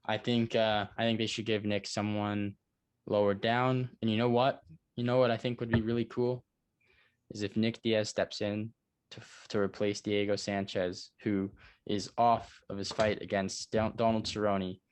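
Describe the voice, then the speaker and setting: A young man with a somewhat low voice chats about sports with a co-host. He talks in a halting way with many fillers, and he agrees readily. It sounds like a relaxed podcast. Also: smooth. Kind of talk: casual sports chat.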